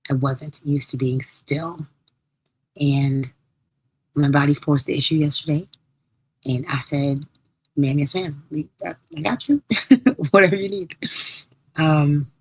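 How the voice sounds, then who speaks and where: A woman hosting a live podcast stream, her voice a little hoarse as she recovers from losing it, chatting casually and playfully with listeners. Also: sits low, darkish tone, low-quality recording. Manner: chatty, laughing, storytelling with playful quoted asides. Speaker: podcast host.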